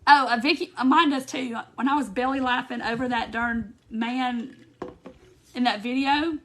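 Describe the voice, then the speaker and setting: A woman's voice: fairly high pitch, steady tone, moderate pace, slight background noise. A woman hosting a casual craft live stream, chatting to viewers by name and giggling often as she talks. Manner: giggly, laughs often while talking. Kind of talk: casual live chat reading viewer comments. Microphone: phone or webcam on a live stream.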